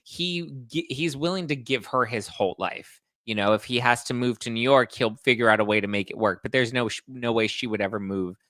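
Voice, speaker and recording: Guy with a bright, forceful voice giving his takes, dry close mic. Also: mid-range voice, fairly quick, hardly any pauses, no room sound. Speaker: podcast guest. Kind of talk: casual pop-culture chat.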